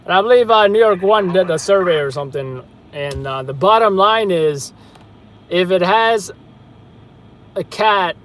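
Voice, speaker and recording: A man's voice: sits high, lively intonation, unhurried, a bit bright. A man hosting a live news stream, chatting casually in a rambling, hesitant way with lots of fillers.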